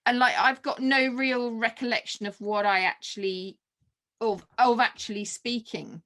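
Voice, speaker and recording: This podcast guest is a mother, an adult woman with children, whose voice is fairly high and whose pace is moderate. She recounts a personal story casually, animatedly acting out remembered exchanges.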